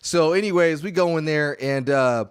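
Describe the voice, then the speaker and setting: Laughing, animated man telling stories. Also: fairly high pitch, moderate pace, clear, resonant tone, no echo, studio quality. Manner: animated storytelling, laughing often. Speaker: podcast co-host. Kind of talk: casual podcast chat.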